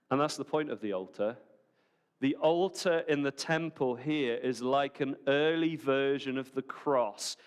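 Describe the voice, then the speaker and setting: A man preaching a sermon at a church service, animated and conversational, full of rhetorical questions. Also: mid-range voice, clean tone.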